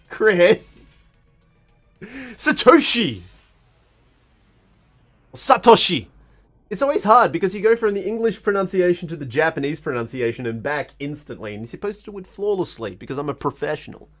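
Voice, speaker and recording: A man's voice: high-pitched, very animated, moderate pace, long pauses, fairly bright tone, faint music behind. An Australian man streaming a game, reading the characters' dialogue aloud in playful put-on voices and joking between lines.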